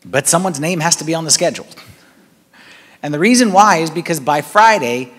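A man, a priest giving a conversational, animated sermon. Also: on the high side, fairly quick. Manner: conversational, animated preaching with rising emphasis. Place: large church hall. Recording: long church reverb.

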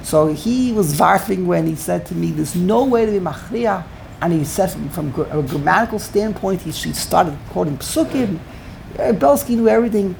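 A woman's voice: lowish voice, expressive, moderate pace, creaky, a little mellow, slight background noise. A woman teaching a Torah class, emphatic and digressive, peppering her speech with Yiddish and Hebrew terms. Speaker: Talmud teacher.

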